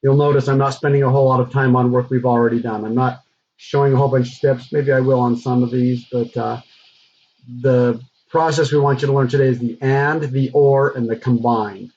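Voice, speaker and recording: A man teaching a recorded math lesson, talking through the steps in a relaxed, conversational way with frequent fillers. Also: mid-range voice, a little fast, a little hiss or hum. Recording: dull lo-fi recording.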